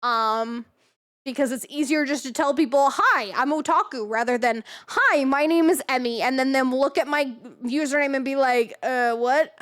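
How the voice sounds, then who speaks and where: With a high-pitched voice at a moderate pace, a young female streamer recounts a story in a loose, animated way. She swears freely and performs the lines other people said.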